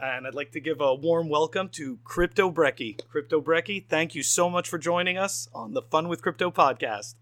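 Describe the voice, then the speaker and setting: Male podcast host with a slightly high voice, upbeat and rambling. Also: normal speed, few pauses, a bit bright. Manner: rambling, upbeat, many fillers. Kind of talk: casual podcast interview.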